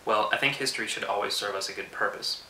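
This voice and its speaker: A man in his twenties talks in a bright, forceful voice, measured and persuasive. He is set back from the mic in an echoey room. Faint hiss sits under him. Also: on the low side, recorded from a distance. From Austin, Texas. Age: 20s. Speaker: political commentator. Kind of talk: earnest scripted video address.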